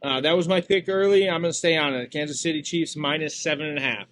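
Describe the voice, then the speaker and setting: A man with a bright, slightly high voice talks casually, pausing and hedging with fillers. A faint room hiss sits behind him. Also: fairly even intonation. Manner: hesitant, many fillers and restarts. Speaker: co-host and casino representative. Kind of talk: casual chat.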